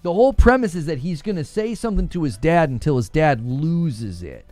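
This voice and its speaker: Lively, animated man chatting casually. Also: a little high, a little fast, no room sound, faint music behind. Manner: rambling, many fillers, laughs easily. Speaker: gaming news podcast host. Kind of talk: casual chat.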